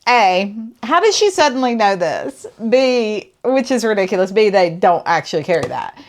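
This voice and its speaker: A woman's voice: mid-range voice, big pitch swings, normal speed. Woman, casual book reviewer, dry sarcasm, fed-up tone. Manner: sarcastic, exasperated.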